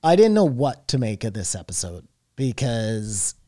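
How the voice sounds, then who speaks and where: A man co-hosting a podcast, talking in loose, rambling casual chat and dropping the odd swear word. His voice sits at an ordinary middle pitch. The recording is dry and close, with no room sound. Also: sing-song, moderate pace, dark tone, no echo. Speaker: podcast co-host.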